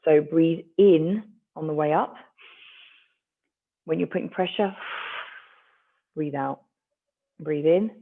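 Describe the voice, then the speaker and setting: A stretching instructor leads a class in a gentle, encouraging way, with a gravelly edge to the voice. The recording sounds thin and tinny, like a phone line. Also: mid-range voice, slow, pauses often. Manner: gentle, encouraging, with light self-mocking asides.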